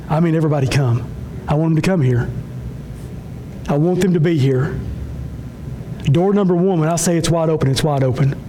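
A man with a high voice preaches a sermon, pressing his point through repetition and sudden swings between hushed low phrases and raised, pleading ones. A faint rumble sits under the recording. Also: a little fast, long pauses, rough recording. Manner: impassioned, repetitive preaching with sudden drops and rises in pitch. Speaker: pastor.

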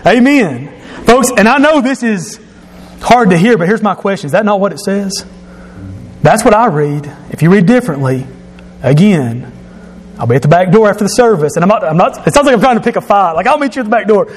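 A pastor preaching a sermon to his congregation, emphatic and rising to shouts at his key points. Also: high voice, lively intonation, fairly quick. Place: church sanctuary. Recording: long reverb of a church hall.

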